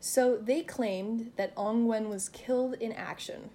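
A woman's voice: a little high, fairly even intonation, dark tone, a little hiss or hum. A woman co-hosting a casual true-crime podcast, telling the story in a chatty way and laughing often. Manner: fast, chatty storytelling with fillers. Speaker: podcast co-host.

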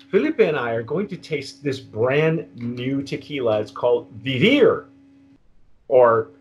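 A man's voice: medium pitch, lo-fi sound. A man from Texas hosting a casual tasting chat over a video call, rambling with many restarts and fillers. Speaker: host.

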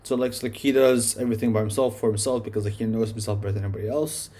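A music reviewer casually runs through his favorite songs, rambling, swearing and saying "like" constantly. His voice is lowish, steady and mellow with a breathy edge, and he talks in rapid-fire bursts.

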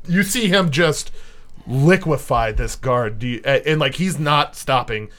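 A man narrating as game master of a tabletop role-playing game, in a loose, halting way with many fillers. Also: medium pitch, lively intonation, fairly bright tone.

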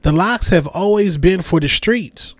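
A man's voice: sits high, unhurried, no room sound. A young man hosting a podcast, delivering a comedic rant with repeated catchphrases and mimicked voices. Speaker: podcast host.

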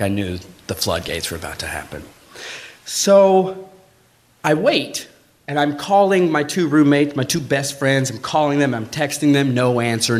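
A man tells a true personal story on a live stage, chatty and full of swearing. His pitch swings widely, and he leaps up high to act out the people he quotes. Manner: animated, acts out quoted voices with big pitch jumps; swearing, conversational, frequent "like".

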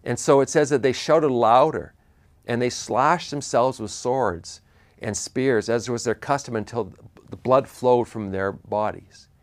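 A man preaching a sermon, retelling a Bible story with animated asides and frequent restarts. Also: medium pitch, a little slow.

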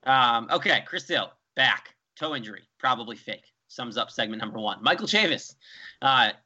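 A young man, co-hosting a casual sports chat, animated and rambling. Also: medium pitch, moderate pace. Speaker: co-host. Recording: dull lo-fi sound.

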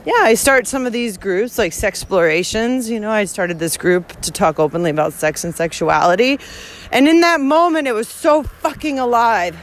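A woman's voice: fairly high pitch, lively intonation, moderate pace, slight background noise. A woman records herself outdoors on a hiking trail. She talks bluntly and swears heavily, with frequent laughs in a casual rant. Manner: profane, blunt, laughs often. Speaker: hiking vlogger. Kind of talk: casual rant while walking.

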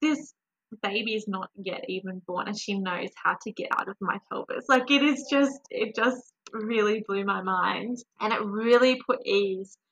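A young woman, a podcast guest, telling her birth story in a warm, animated, emotional way. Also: mid-range voice, normal speed, slightly rough, low-quality recording.

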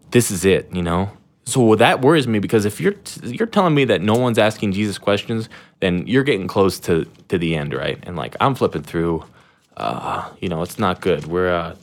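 A young man with a notably low voice chats casually as a podcast host. He rambles in a slangy, laid-back way, full of fillers and restarts. He keeps an irreverent, self-deprecating tone. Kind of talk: casual chat.

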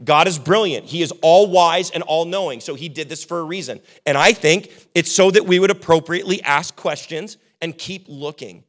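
A young adult man preaching a sermon as pastor, casual and joking, acting out quick quotes. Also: on the high side.

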